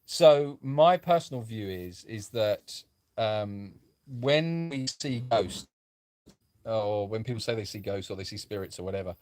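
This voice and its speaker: A man's voice: fairly low pitch, animated, measured pace, darkish tone, no echo, clean studio sound. A man co-hosting a casual live chat, musing aloud and rambling. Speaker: sanctuary co-host.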